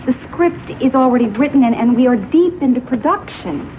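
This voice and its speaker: A woman's voice: high voice, lively intonation, brisk, darkish tone, low-quality recording. An actress playing a firm, dry-humored female TV producer in a sitcom. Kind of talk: sitcom acting. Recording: hissy TV audio.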